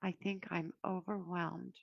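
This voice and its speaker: A woman with a deep, heavily gravelly voice talks her viewers through a spiritual card reading, meandering and reflective, pausing often to find her words. The sound is dry and a little dull, like a lo-fi home recording. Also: little pitch movement, dry recording. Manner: meandering, reflective, with frequent pauses and fillers. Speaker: oracle card reader.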